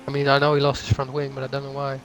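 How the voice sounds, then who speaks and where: A man's voice: medium pitch, monotone, rapid-fire, rough recording. A young man co-commentating a sim race, teasing and asking his partner questions. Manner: teasing, laughs often, asks questions. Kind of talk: live esports race commentary. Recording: faint background hum.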